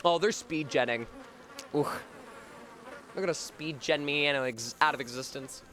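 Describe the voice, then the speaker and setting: A man's voice: fairly high pitch, normal speed, fairly bright tone, a little hiss or hum. A male streamer chatting casually on a live gaming stream, swearing freely and repeating words over and over to test how to say them.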